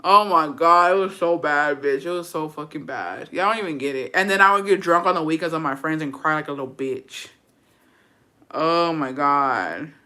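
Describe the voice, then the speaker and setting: A young woman chatting to camera in storytime mode, her voice bright and edged. She talks brashly and dramatically, swears freely and slips into Spanish now and then. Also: sits low, moderate pace. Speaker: vlogger. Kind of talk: casual storytime chat.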